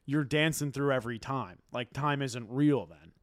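A man co-hosting a podcast in casual chat, teasing his partner in quick bursts and swearing casually. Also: medium pitch, no room sound, clean studio sound. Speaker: podcast co-host.

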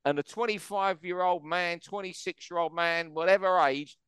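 A man's voice: high voice, moderate pace, a bit bright, clear, resonant tone, dry recording. Emphatic male boxing show host. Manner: emphatic, opinionated. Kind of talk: boxing talk show discussion.

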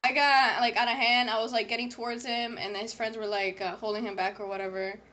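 A teenage girl in casual chat, telling an animated story full of fillers and quoted lines. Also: a little high, fast talker, a little hiss or hum. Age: teens. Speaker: podcast co-host.

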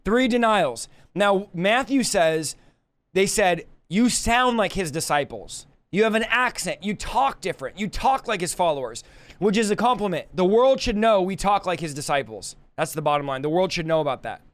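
A man giving a casual verse-by-verse Bible teaching, paraphrasing in colloquial, animated talk. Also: high voice, normal speed. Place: livestream.

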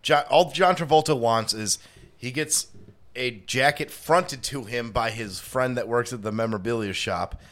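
A man's voice: medium pitch, normal speed, fairly bright tone. A man co-hosting a casual movie podcast, retelling a film scene at length. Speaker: podcast co-host. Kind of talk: casual chat.

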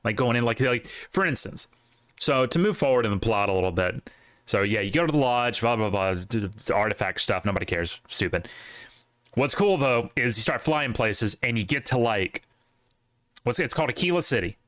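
Rambling young podcast host, dry sound. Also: male voice, medium pitch, moderate pace, dry recording. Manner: rambling, animated, lots of fillers and restarts. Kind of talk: casual chat.

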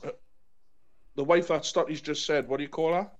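A man's voice: a little high, fairly even intonation, brisk, lo-fi sound. A married man, co-hosting a casual podcast chat, rambling and laughing as he hunts for names. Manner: rambling, laughs a lot, loses track of names. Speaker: podcast co-host.

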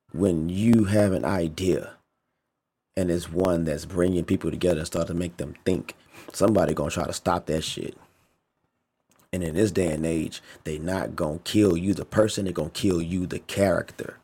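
An adult male vlogger with a low, dark, slightly breathy voice goes on a casual, emphatic opinion rant. He repeats himself for emphasis and uses plenty of slang and swearing.

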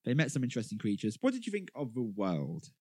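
A man's voice: medium pitch, huge pitch swings, fast talker, darkish tone, husky, no room sound. A man co-hosting a podcast, chatting about a film with wry, dry jokes. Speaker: podcast co-host. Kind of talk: casual film review chat.

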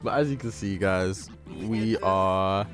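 A young man with a lowish voice chats loosely on a podcast mic in a small recording studio. He rambles, circles back and restarts his sentences often, while faint music sits underneath. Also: slow. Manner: rambling, lots of restarts and filler. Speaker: podcast co-host. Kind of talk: casual chat. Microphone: studio microphone.

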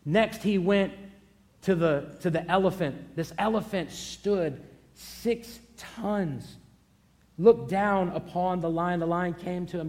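A pastor with a noticeably high voice preaches a sermon, building up to emphatic, repeated declarations to drive each point home. He pauses along the way to tell a story, speaking slowly with a darkish tone.

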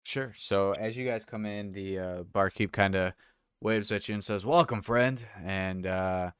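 A man narrating as game master and voicing a friendly innkeeper, relaxed and halting with many fillers. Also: sits low, clear, resonant tone, no echo, clean studio sound.

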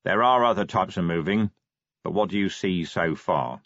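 A man voicing a clever male troll who speaks quietly and patiently, like a school teacher. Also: deep voice, expressive, dry recording, muffled recording, heavily acted. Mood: calm, measured. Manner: measured, patient, lightly teasing.

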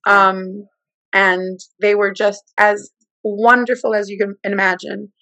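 A woman in her forties tells a personal story with lively energy. She slips into the voices of the people she quotes as she talks. Her voice sits at a middle pitch, in a dry, close recording. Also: takes it slowly, no room sound, rough recording. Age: 40s. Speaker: guest. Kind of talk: personal testimony in conversation.

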